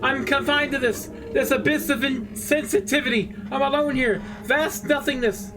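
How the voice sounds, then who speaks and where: A man's voice: extremely high pitch, normal speed, far from the mic, pitched above the performer's own voice. A man voicing Stanley, a pleading trapped brain. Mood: desperate. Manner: pleading, anguished. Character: desperate male human brain trapped in a machine. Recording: steady background noise.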